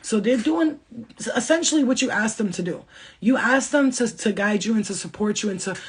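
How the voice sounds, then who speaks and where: A woman giving a casual livestream spiritual reading, talking fast and bluntly and swearing freely. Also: a little high, animated, husky.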